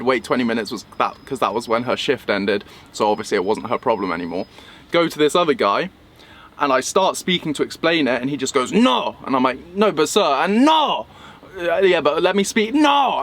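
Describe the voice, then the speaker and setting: A man's voice: mid-range voice, a little hiss or hum. Young English man telling a travel story. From England. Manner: animated retelling, acting out quoted voices. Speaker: vlogger. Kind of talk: storytelling vlog.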